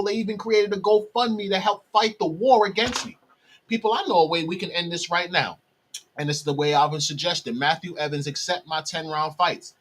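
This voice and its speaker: Guy ranting at his viewers, husky voice, a bit high, keeps going "people". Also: sharp tone. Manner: heated, repeatedly addresses viewers as "people". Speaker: vlogger.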